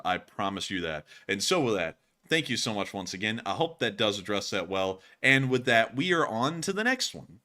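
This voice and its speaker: A man's voice: fairly low pitch, sharp tone. A man hosting a casual livestream news Q&A, rambling and repeating his thank-yous and sign-off lines.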